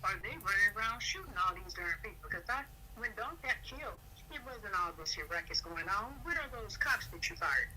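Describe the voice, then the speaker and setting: A woman's voice: mid-range voice, expressive, fairly quick, pushed and bright, low-quality recording. A woman chatting casually and indignantly, speaking in plain run-on sentences. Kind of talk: casual chat.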